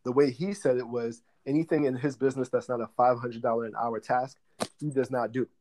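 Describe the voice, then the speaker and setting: A man's voice: mid-range voice, fairly even intonation, brisk, a little mellow, slight background noise. Earnest man explaining in an interview. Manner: earnest, explanatory, with frequent "um" and "you know". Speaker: guest, credit repair business director. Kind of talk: conversational interview answers.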